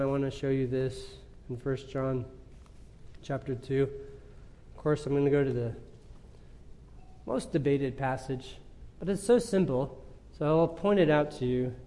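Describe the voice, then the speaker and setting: Male pastor, emphatic sermon delivery, slightly high voice, big reverberant sanctuary. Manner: emphatic preaching, rising to loud peaks and dropping low. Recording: long hall reverb.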